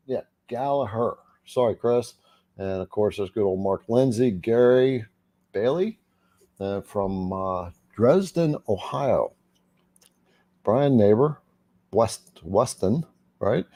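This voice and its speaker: A man's voice: mid-range voice, dark tone, no room sound. A man hosting a casual livestream, chatting and greeting viewers by name. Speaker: livestream host.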